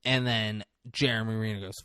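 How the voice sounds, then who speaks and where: A man's voice: fairly low pitch, moderate pace, clear, resonant tone, no echo, clean studio sound. A man co-hosting a podcast, casually recapping a film and acting out its lines with lots of swearing. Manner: animated retelling, acting out lines with profanity. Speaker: podcast co-host. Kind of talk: casual movie recap chat.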